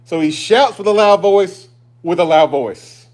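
A male pastor delivers a sermon to his congregation. His preaching is emphatic, swinging from loud, driving declarations down to hushed, confiding asides. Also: sits high, a little slow.

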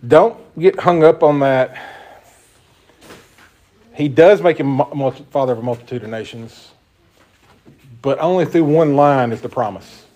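This man's voice is mid-range and darkish, delivered at a measured pace with frequent pauses. With his Southern American accent, he teaches an informal Bible study in a conversational, emphatic way, putting questions to the group as he explains.

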